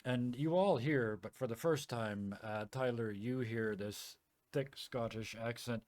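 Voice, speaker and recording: A man's voice: medium pitch, measured pace, darkish tone, no echo, studio quality. A man narrating as game master of a tabletop game, chatty and loose with fillers and laughter.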